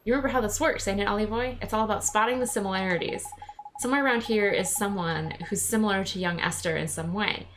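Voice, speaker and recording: A cheeky, blustery little male fairy, as a woman streamer reads him out. Mid-pitched, casual read-aloud delivery. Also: fast, fairly bright tone, a little hiss or hum, natural voice.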